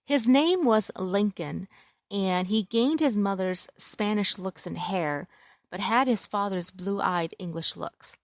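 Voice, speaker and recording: A woman's voice: mid-range voice, slow, dry recording, studio quality. A woman narrating a romance story in the first person, in a wry, conversational way.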